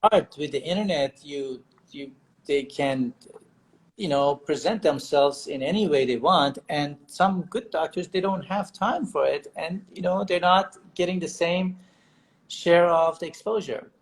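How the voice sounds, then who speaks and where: A man's voice: fairly high pitch, unhurried, low-quality recording. A man, a surgeon guest on a live video chat, talking earnestly and repeating words as he sorts out his thoughts. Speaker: hair transplant surgeon, guest. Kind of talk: casual live-stream chat. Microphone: video call.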